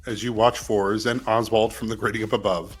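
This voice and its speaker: A man's voice: on the low side, little pitch movement, fairly quick, breathy edge, soft background music. A man narrating as game master of a tabletop game, playful and laughing often as he describes the scene.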